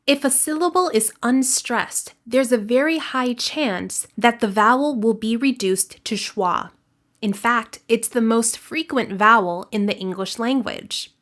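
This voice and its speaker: A woman teaching an English lesson in a clear, deliberate scripted narration, slowing down to model example words. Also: fairly high pitch, fairly bright tone.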